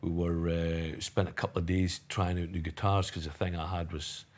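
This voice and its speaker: A Scottish man, a musician being interviewed, answering in a hesitant, halting way. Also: low-pitched, little pitch movement. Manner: hesitant, halting, many fillers.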